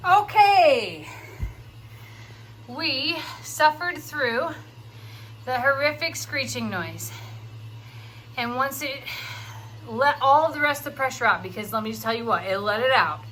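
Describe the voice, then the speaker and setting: Chatty farm woman with a bright voice. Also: high voice, animated, slow pace, pauses often, a little hiss or hum. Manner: chatty, self-deprecating, coos to animals. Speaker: farm vlogger. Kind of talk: casual vlog narration. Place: outdoors on a farm.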